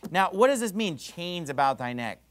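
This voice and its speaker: A middle-aged man delivers a sermon in a fairly high voice. He preaches with fervour and climbs in pitch and force when he presses a point home. Between those peaks he reads scripture aloud to his listeners. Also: big pitch swings, moderate pace. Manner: forceful, rising emphasis, reading scripture aloud.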